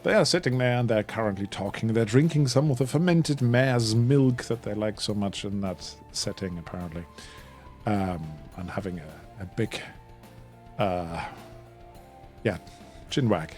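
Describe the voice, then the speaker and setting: A man's voice: lowish voice, unhurried, a little mellow. A man running a tabletop game as game master, narrating with rambling, hesitant phrasing and many fillers. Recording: faint background music.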